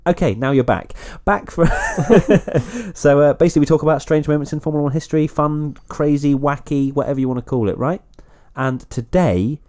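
A man's voice: on the high side, steady tone, quick pace, few pauses, warm tone. A man hosting a casual podcast chat in a playful, jokey manner. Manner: playful, jokey, laughs often. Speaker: podcast host.

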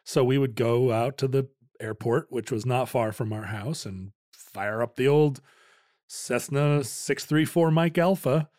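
A man's voice: mid-range voice, measured pace, a little mellow, no room sound, clean studio sound. A man co-hosting a casual podcast, telling stories in an easygoing way and laughing often. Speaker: podcast co-host. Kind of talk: casual conversation.

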